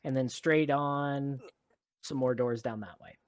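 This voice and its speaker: A man's voice: mid-range voice, unhurried. Joking man player at a game table. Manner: relaxed, joking, checks details aloud. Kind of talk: casual chat in a tabletop game.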